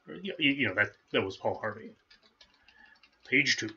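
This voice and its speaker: A man hosts a daily game playthrough in a loose, rambling chat, amused with himself and aiming for a soothing tone. His voice sits low but comes across forceful and husky. The recording sounds dull and lo-fi. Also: a little fast, pauses often. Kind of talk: casual chat over gameplay.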